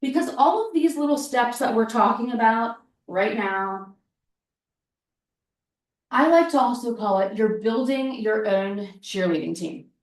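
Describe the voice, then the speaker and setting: Woman presenter, a bit high-pitched, casual and animated, miked from afar in a roomy space. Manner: chatty and animated, fond of "like" and "right?"; repeats points for emphasis. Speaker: workshop presenter. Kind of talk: casual seminar talk. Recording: echoey room, mic at a distance.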